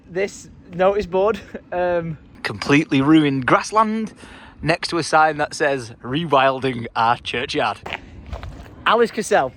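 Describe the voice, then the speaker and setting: A young vlogger with a Northern English accent chats playfully and laughs a lot in a casual video. His voice is fairly high, animated, slow, and a bit bright.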